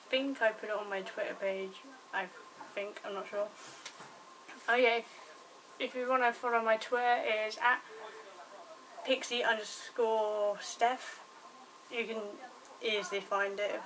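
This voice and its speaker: A young woman with a British accent chats loosely to camera, swearing and rambling. Her voice sits a little high. She sounds set back from the mic, with a faint noise floor. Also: a bit bright. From Britain. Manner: chatty, swears casually, rambling. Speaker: vlogger. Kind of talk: casual vlog chat. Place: home indoors. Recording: recorded from a distance, faint background noise. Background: dogs outside.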